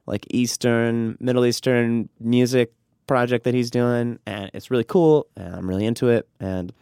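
A man's voice: medium pitch, smooth, no room sound, studio quality. Profane, laughing man telling a story. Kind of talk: casual comedic storytelling.

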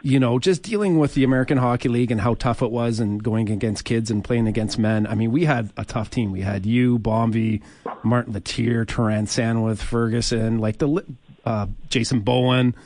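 A man co-hosting a sports podcast, reminiscing and putting chatty questions to an old teammate. His voice sits at an ordinary pitch and the sound is dry and close, with no room around it. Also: steady tone, normal speed, a little mellow, no echo. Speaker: podcast co-host, former teammate. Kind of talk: conversational interview.

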